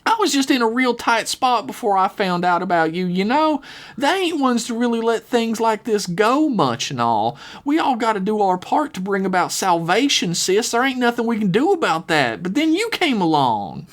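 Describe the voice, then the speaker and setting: A man's voice: high-pitched, very animated, normal speed, voice pushed up. A man voicing a flirty cult-member woman who talks in a folksy, sweet-talking drawl.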